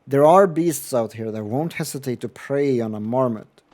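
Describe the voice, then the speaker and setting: A man voicing a curt young male hunter, reading game dialogue aloud in a dry, clipped, formal way with sudden loud stresses. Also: medium pitch, normal speed, lightly acted.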